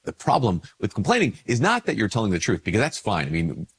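Congested with a cold, a male priest speaks to camera in a casual reflection, his voice somewhat low and slightly husky. He's relaxed, personal and unhurried, acting out little everyday dialogues by lifting his pitch.

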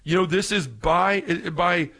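Excited podcast preacher, male, light-pitched, earnest and emphatic. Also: unhurried, creaky. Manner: fervent, emphatic, repeats and restarts when excited. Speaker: podcast speaker on faith. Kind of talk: preaching-style podcast talk.

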